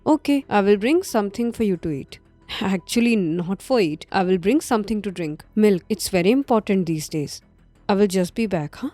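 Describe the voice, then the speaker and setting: An actress playing a composed wife who talks in a soothing, overly sweet way. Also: female voice, mid-range voice, animated, normal speed, warm tone, no echo, soft background music, lightly acted.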